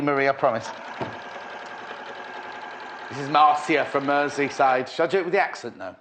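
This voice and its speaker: A man's voice: medium pitch, moderate pace, long pauses, fairly bright tone, slight background noise. A man from Northwest England hosting a live sewing shopping show, chatty and teasing as he reads out viewer messages. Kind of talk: live studio chat.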